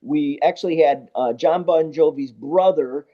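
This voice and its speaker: A man, a guest sound engineer, telling stories in a casual interview, animated and acting out both sides of conversations. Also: on the high side, a little slow. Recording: dull lo-fi podcast audio.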